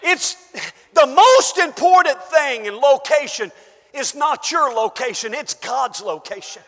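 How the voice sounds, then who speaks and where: A man preaching a sermon to his congregation, emphatic, rising to shouts and dropping to hushed asides, calling out to the room. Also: extremely high pitch, lively intonation, unhurried. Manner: calls out to the congregation. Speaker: pastor. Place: church. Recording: long church-hall reverb.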